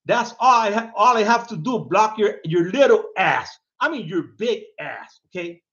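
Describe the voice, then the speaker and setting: A video host with a high, lively voice that swings all over taunts and ribs someone to camera at a normal speed in a casual mocking rant. He laughs often, repeats phrases and tacks "man" onto everything, captured in dull, lo-fi sound.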